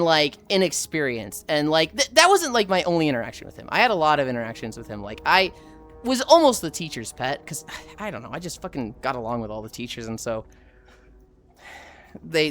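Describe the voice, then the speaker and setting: Woman, streamer, lively pitch, lowish voice, casual swearing, rambling stories, faint music behind. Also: brisk. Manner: profane, rambling, animated retelling. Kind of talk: casual storytelling while reading chat.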